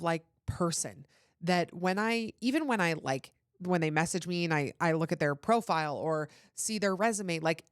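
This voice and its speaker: A woman's voice: fairly low pitch, dry recording, clean studio sound. A woman hosting a podcast, talking in a candid, rambling casual chat with lots of "like.". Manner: candid, rambling, heavy use of "like". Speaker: podcast host.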